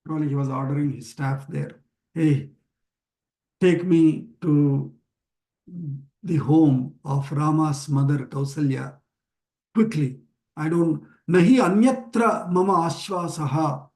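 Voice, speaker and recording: Slow, patient male scripture teacher. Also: fairly high pitch, dark tone. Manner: slow, patient word-by-word explanation with many fillers. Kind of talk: weekly online class explaining a chanted text.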